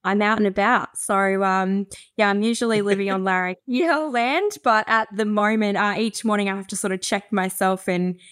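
An Australian woman guest who chats easily, with frequent fillers and quick laughs. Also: mid-range voice, fairly bright tone, dry recording, clean studio sound. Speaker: guest campaigner. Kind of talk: casual interview chat.

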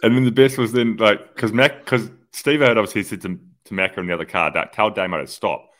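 Man, very low voice, casual podcast chat, lively storytelling. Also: quick pace. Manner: animated storyteller, acts out radio exchanges. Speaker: podcast co-host, former pro cyclist.

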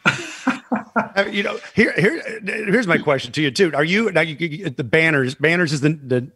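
A man's voice: fairly high pitch, lively intonation, normal speed, pushed and bright, slightly rough. A male co-host asking an interview guest questions in a jokey, affirming way. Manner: jokey, affirming, lots of "yeah". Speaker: radio co-host. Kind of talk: casual interview chat.

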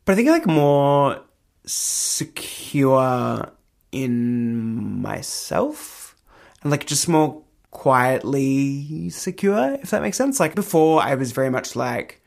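A gravelly young man talking openly as an interview guest, with a fry running through his voice. He is chatty, leans on fillers and laughs a lot. He keeps slipping into little acted voices for the people in his stories. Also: medium pitch, very animated, slow. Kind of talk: candid interview storytelling.

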